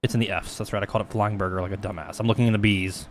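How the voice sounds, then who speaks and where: A man's voice: on the low side, fairly even intonation, racing, a little hiss or hum. A young man casually walking through 3D texturing on a live stream, rambling, swearing freely and mocking himself. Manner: rambling, profane, self-mocking.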